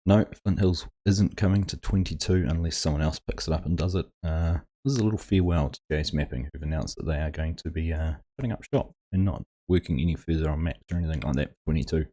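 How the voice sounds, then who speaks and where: A man's voice: extremely low pitch, fast talker, hardly any pauses, mellow. A man hosting a casual game livestream, chatting and greeting viewers by name. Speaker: livestream host. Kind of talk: casual livestream chat while gaming.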